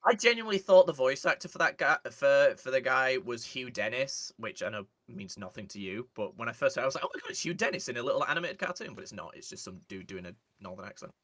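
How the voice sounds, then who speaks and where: A man's voice: mid-range voice, expressive, fast, few pauses, fairly bright tone, no room sound. A man, joking and picking apart in casual chat over a game. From northern England. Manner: critical, joking, commenting on accents. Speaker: streamer co-host.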